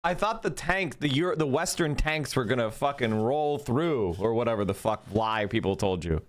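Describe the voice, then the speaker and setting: A man's voice: medium pitch, animated, moderate pace. A man hosting a stream, reading news aloud and ranting sarcastically in casual political commentary, with some swearing. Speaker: streamer host.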